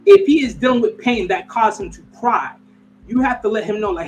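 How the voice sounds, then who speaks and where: A man speaking as a guest in a casual panel debate, laying out his point in a measured, explaining way. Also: high voice, lively intonation, faint music behind, low-quality recording.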